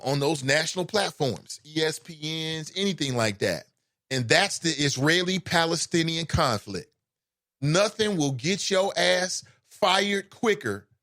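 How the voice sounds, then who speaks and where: A man with a slightly high voice hosts a call-in talk show. His delivery is animated, jumping from loud emphatic bursts to muttered asides. The recording is dry and close, with little room sound. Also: no echo. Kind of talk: casual talk commentary.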